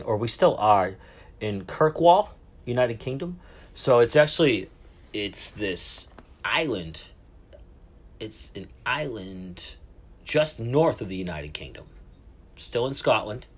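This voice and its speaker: A man's voice: mid-range voice, lively intonation, takes it slowly, pauses often. A man hosting a casual solo podcast from a cruise ship, rambling, swearing and poking fun at himself. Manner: rambling, profane, self-mocking. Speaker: podcast host. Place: cabin aboard a cruise ship.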